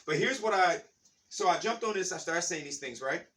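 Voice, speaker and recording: A man telling a rambling, animated story in a casual spiritual talk, with many restarts. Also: high voice, moderate pace, far from the mic.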